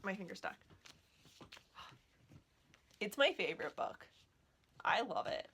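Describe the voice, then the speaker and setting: A woman's voice: mid-range voice, very animated, takes it slowly, creaky, pauses often, fairly bright tone, slight background noise. A woman chatting casually at home as a knitting vlogger, gushing about what she loves and breaking off to scold her dogs. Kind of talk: casual chat.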